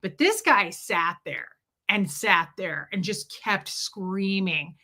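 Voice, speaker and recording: A woman's voice: medium pitch, slow pace, bright, forceful tone. A woman hosting a casual live stream, rambling through a personal story and greeting viewers by name as their chat comes in. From lives in Tennessee.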